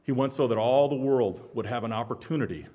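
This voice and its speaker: Guy preaching a sermon, gets loud then drops way down quiet, real dramatic. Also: medium pitch, a little fast. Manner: dramatic, swings between loud emphasis and quiet intensity.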